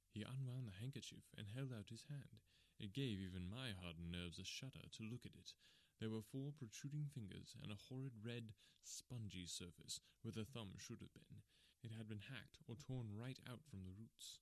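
A man narrating a storybook in a measured, even reading style. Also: on the low side, no room sound. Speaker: audiobook narrator.

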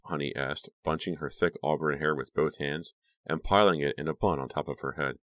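Very deep-voiced man reading an audiobook. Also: steady tone, brisk, a bit bright, dry recording. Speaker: audiobook narrator. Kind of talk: scripted narration.

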